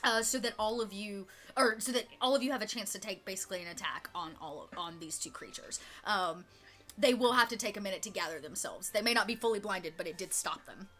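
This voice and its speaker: A woman's voice: medium pitch, fairly quick, a bit bright, soft background music. A woman narrating a tabletop role-playing game as game master, in a loose, chatty way with many fillers.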